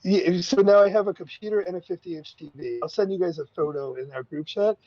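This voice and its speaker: A man talking on a casual podcast, rambling through his points with hesitant ums and restarts. His voice sits a little high and comes through a slightly dull, lo-fi mic. The sound is dry and close. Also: brisk, mellow, no room sound. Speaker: podcast co-host.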